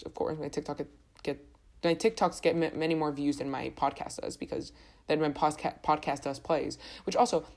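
Young woman w a low voice just rambling on her podcast, chatty, keeps restarting. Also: a little mellow. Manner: rambling, chatty, self-correcting. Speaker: podcast host. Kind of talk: casual solo podcast chat.

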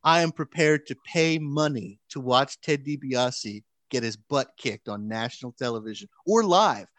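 Animated man telling a story. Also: mid-range voice, moderate pace, dry recording. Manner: animated, lots of restarts and "like". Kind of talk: casual storytelling chat.

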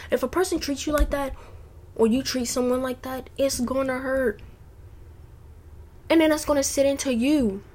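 A woman's voice: sits high, darkish tone, a little hiss or hum. A woman hosting a casual advice talk from home, earnest and heartfelt, rambling with restarts. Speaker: podcast host. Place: home with family noise nearby.

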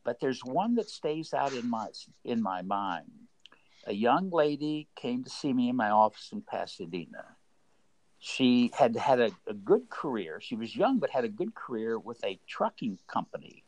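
A man's voice: medium pitch, very animated, normal speed, a little mellow, no echo, poor audio. An older man, a former baseball executive, telling stories earnestly in an interview, often repeating and restarting words. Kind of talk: conversational storytelling.

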